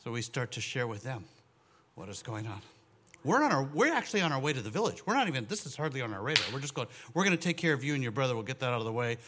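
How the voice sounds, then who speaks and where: A man, a ministry partner, recalling events in a rambling way, pausing to search for words. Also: medium pitch, big pitch swings, a bit bright, slight background noise. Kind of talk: casual recollection.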